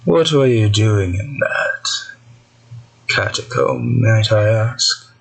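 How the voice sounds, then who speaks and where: A cold, stern presence, played by a man at the game table, speaks in a low, unhurried voice. Every word is precise and deliberate as it questions its listener. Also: vocal fry, breathy edge, heavily acted, poor audio. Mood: cold, probing. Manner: slow, measured, probing questions.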